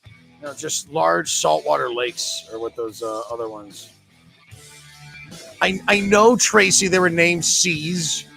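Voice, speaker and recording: Trivia host, male, New England accent, high gravelly voice, bright tone, joking patter, faint music behind. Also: slow. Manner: joking, chatty, reads questions and scores. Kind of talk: live-streamed bar trivia hosting.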